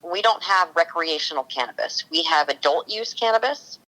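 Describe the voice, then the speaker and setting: A Californian woman who consults on cannabis for a TV show chats enthusiastically in a casual podcast interview, telling stories as she goes. Her fairly low voice is bright and forceful, with lively intonation and a moderate pace, though the audio quality is poor.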